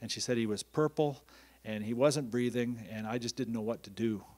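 A man who writes books, telling a story in a casual, lively way and acting out what other people said. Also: moderate pace. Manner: animated, acts out quoted voices with rising pitch; conversational, uses many "you know" fillers. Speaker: author telling stories.

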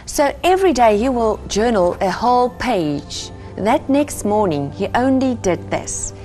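A woman's voice: a little high, sing-song, a little slow, darkish tone, faint music behind. A middle-aged woman from Africa, earnestly telling her personal faith story as an interview guest. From South Africa. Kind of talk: personal testimony in conversation.

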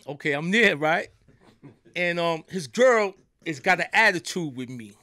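A middle-aged New Yorker guests on a podcast, spinning casual stories in loose street slang and often asking "you know what I'm saying". His slightly high voice is bright, forceful and expressive, moving at a measured pace. The recording is dry and close.

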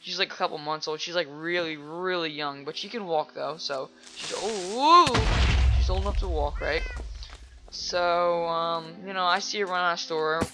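A man's voice: on the high side, moderate pace. Chatty rambling guy narrating gameplay. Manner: rambling and chatty, full of "like" and "you know"; bursts into loud excited reactions at the game. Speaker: let's play host. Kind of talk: casual gameplay commentary.

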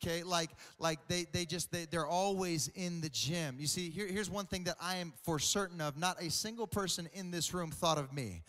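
A young adult man preaching a comedic sermon, animated and joking, often repeating words. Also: on the high side, moderate pace, hardly any pauses. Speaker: pastor. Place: large church auditorium. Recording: reverberant church hall.

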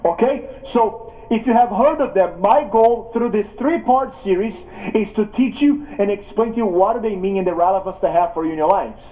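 A man's voice: high-pitched, moderate pace. A man preaching a sermon as pastor of a church, telling a story with frequent restarts. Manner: storytelling, repeats and restarts words. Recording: tinny phone-like sound.

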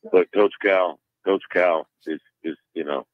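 A man calling in to a radio show, telling a rambling, halting story. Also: deep voice, fairly even intonation, dry recording. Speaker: phone-in guest. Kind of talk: casual chat. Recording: tinny phone line.

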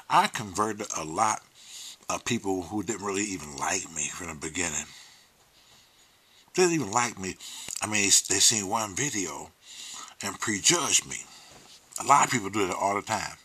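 A man's voice: lowish voice, animated, unhurried, long pauses, sharp tone, breathy edge. A man hosting his own livestream, talking candidly and emotionally, swearing freely and sometimes dropping to a near-whisper. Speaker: host. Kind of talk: casual livestream monologue.

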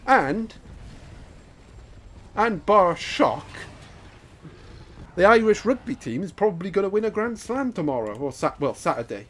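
A man giving excitable live commentary over his own gameplay, laughing and taunting opponents. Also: high-pitched, unhurried, pauses often. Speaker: gaming YouTuber.

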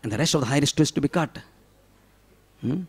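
A man delivers a devotional sermon as a story. His voice sits a little high, and he swings from loud, pleading outbursts to hushed whispers. He often throws rhetorical questions to his listeners. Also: fairly quick, husky. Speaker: preacher.

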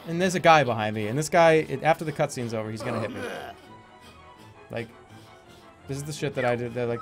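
A man's voice: medium pitch, fairly quick, pauses often, over music. A young man streaming a video game, rambling casually with lots of swearing and laughter. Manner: rambling, profane, laughs a lot. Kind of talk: casual let's-play commentary.

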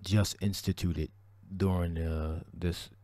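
Man preaching on scripture, low mellow voice, dry sound, loose and repetitive. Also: level tone, takes it slowly, no room sound. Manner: repetitive, restarts, scripture-heavy. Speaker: religious teacher. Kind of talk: preaching commentary on a video.

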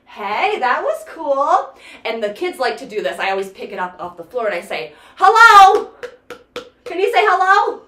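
Bubbly high-voiced music teacher. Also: female voice, very animated, moderate pace, fairly bright tone, roomy sound. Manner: bouncy sing-song counting and chanting. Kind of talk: toddler music class. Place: indoor room, sitting on floor.

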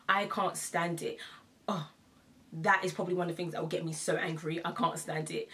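A woman's voice: lowish voice, steady tone, fairly quick, a bit bright. A young woman vlogging in a casual, chatty way, laughing often and repeating herself for emphasis. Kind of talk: casual to-camera chat.

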